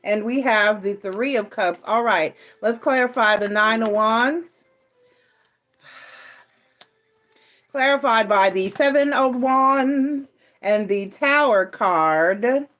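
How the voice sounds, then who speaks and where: Woman tarot reader, New York born, Southern accent, chatty and laughing, slightly high voice, home setting. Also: takes it slowly, long pauses, a bit bright. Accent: Southern American. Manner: chatty, laughs often, asides to a child. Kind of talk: casual tarot reading.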